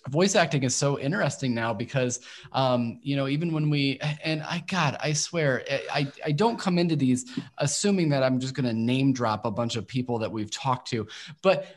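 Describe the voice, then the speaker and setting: A man's voice: medium pitch, moderate pace. A man hosting a casual podcast discussion over a remote call, chatty with loose joking asides. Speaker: podcast host. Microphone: remote call microphone.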